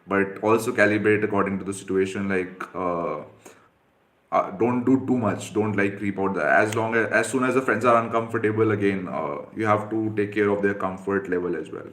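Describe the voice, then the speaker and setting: A man with a fairly low voice works through viewer questions as a dating coach. He talks bluntly and instructively, padding his points with frequent fillers. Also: normal speed, fairly bright tone. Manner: direct, instructive, with many fillers.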